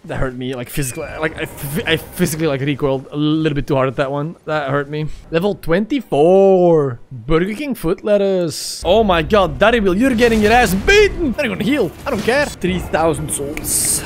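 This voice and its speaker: A young man commentating his own gameplay casually, excitable and crude, with sudden yelps and laughs. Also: fairly high pitch, normal speed, noisy background. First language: Dutch. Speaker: streamer. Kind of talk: casual let's-play commentary.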